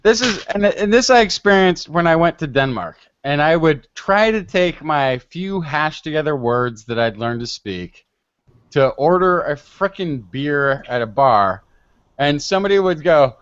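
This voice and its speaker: An American man who hosts a podcast, arguing in a lively, animated way and cutting in often. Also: on the high side, a little slow, clear, resonant tone, no echo. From United States. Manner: animated, argumentative, interrupting. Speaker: podcast host. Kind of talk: lively debate. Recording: dull lo-fi dry sound.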